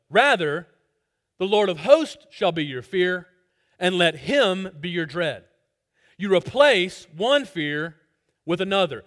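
A male pastor giving an expository sermon, emphatic and repeating key phrases, swinging between loud stress and soft drops. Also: sits high.

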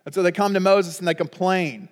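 Middle-aged man, high pitch, pastor preaching; chatty and humorous, with sudden emphatic outbursts. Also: fairly quick, in a large hall. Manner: conversational, humorous, with sudden loud emphatic peaks. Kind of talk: sermon.

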